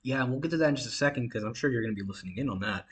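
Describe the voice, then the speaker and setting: A man's voice: medium pitch, lively intonation, rapid-fire, breathy edge. A man narrating a tabletop game as game master, casual and giggly with many fillers.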